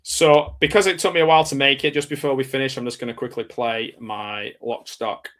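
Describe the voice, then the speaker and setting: Male host, bright tone, jokey and rambling. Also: mid-range voice, steady tone, brisk. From Cumbria, England. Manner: jokey, rambling, laughs at own jokes. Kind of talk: casual chat.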